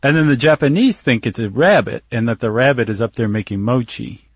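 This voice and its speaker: A man's voice: mid-range voice, fairly quick, no room sound. Wry man co-hosting a podcast. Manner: wry, joking. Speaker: podcast co-host. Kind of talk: casual chat.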